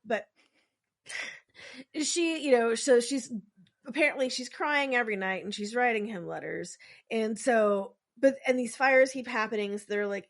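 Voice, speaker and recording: A woman's voice: fairly high pitch, expressive, a little slow. A woman casually telling a true story on a podcast, rambling with lots of filler words and acting out quotes.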